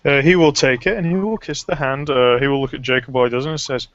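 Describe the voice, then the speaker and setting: A man's voice: mid-range voice, quick pace, fairly bright tone, dry recording, dull audio. A man narrating as game master, loose and hesitant, full of fillers. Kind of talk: narrating a tabletop game over voice chat.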